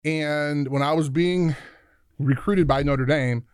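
Man, 50s, from Chicago, interview guest; lively storyteller who voices the other people in his anecdotes, a touch higher pitched. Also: takes it slowly, clean tone, no room sound, studio quality. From Chicago, USA. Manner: animated storyteller who acts out quoted voices, casual swearing. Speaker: podcast guest, former football player.

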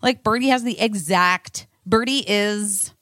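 A woman's voice: medium pitch, measured pace, dry recording, studio quality. A woman chatting casually, swearing freely and poking fun at herself. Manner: animated, swears freely, self-mocking. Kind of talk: casual chat.

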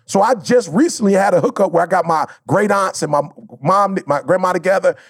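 Gravelly, husky man talking emphatically. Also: high-pitched, brisk, no room sound, studio quality. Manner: emphatic, repetitive, slangy. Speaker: podcast co-host. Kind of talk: casual heartfelt podcast talk.

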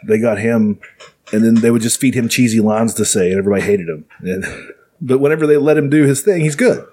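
A man's voice: mid-range voice, fast, a little mellow. A young man co-hosting a podcast in casual chat, telling loose, profane stories and slipping into quoted voices. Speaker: podcast co-host.

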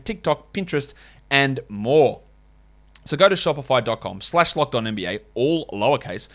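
A man's voice: medium pitch, fairly bright tone. A man hosting a fantasy basketball podcast, chatting casually and reading ads with wry, rambling asides. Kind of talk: casual podcast chat and host-read ads.

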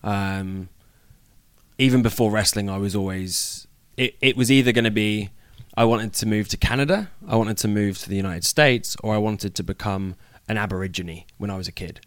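A young man with a British accent and a fairly low voice. He talks casually and jokes around with a dry, deadpan touch. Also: moderate pace, smooth. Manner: joking, playful, deadpan asides. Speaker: wrestler guest. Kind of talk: casual interview chat.

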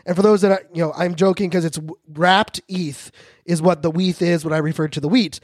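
A man hosting a podcast, talking fast and joking in a high-energy casual monologue. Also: fairly even intonation, dry recording, studio quality. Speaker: podcast host.

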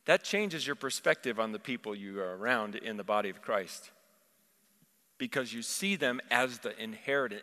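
Impassioned preacher in a reverberant hall. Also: male voice, mid-range voice, bright, forceful tone. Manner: impassioned storytelling, quoting scripture. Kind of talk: sermon.

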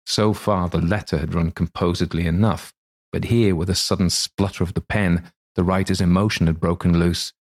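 A man narrating a classic novel in a steady, measured reading. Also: deep voice. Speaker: audiobook narrator. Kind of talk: scripted narration.

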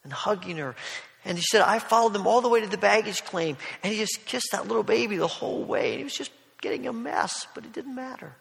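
A man preaching a sermon, telling a story in a gentle, conversational way with soft asides. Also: high-pitched, animated, brisk, creaky. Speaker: pastor. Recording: long hall reverb.

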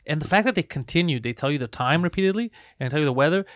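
A man's voice: a little high, animated, rapid-fire, a bit bright, dry recording, studio quality. A man in casual podcast chat, telling a joking, profane rant.

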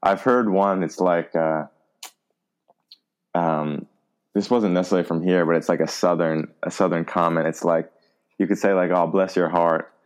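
Deep-voiced young New man chatting. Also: normal speed, pauses often, smooth. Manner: relaxed, laughing, trailing fillers. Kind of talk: casual chat.

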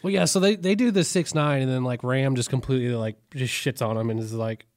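A man co-hosting a casual chat, animated, laughing often and slipping into voices. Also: medium pitch, fairly quick, hardly any pauses, dry recording, studio quality. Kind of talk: casual joking chat about trucks.

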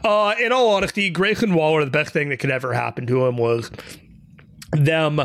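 A man's voice: fairly high pitch, moderate pace, a bit bright. A man co-hosting a podcast, giving wrestling opinions in a laid-back, self-deprecating way. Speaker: podcast co-host. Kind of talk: casual wrestling chat.

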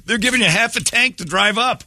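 A man hosting a radio show, ranting and teasing in animated, casual talk from a studio. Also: high-pitched, a little fast, no echo. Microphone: studio microphone.

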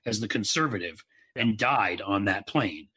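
A man's voice: on the low side, lively intonation, moderate pace, pushed and bright, husky. A man co-hosting a casual political talk show, opinionated and emphatic. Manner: opinionated, emphatic, swears for punch. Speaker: podcast co-host.

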